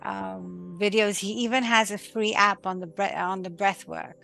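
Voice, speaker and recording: A woman's voice: medium pitch, fairly even intonation, normal speed, vocal fry, pushed and bright, soft background music. A woman hosting a podcast interview, chatting casually and exclaiming with enthusiasm. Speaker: podcast host.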